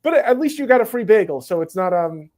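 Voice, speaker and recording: A man interviewing a guest in casual conversation, quick and easygoing, sometimes tripping over his words. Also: high voice, animated, darkish tone.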